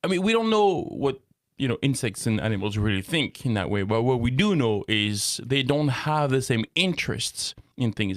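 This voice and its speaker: A man's voice: medium pitch, big pitch swings, moderate pace, hardly any pauses, no room sound. Guy from france co-hosting a church talk show, laughs a lot, dry sound. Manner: laughs often, loses his thread, chatty. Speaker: co-host. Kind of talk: casual faith talk show chat.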